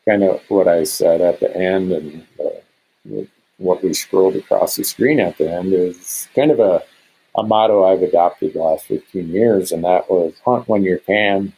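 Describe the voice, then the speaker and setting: Middle-aged male podcast guest from Montana, low and slightly husky, animated storyteller. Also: a little slow, low-quality recording. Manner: animated, acts out quoted speech in a raised voice. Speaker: guest hunter.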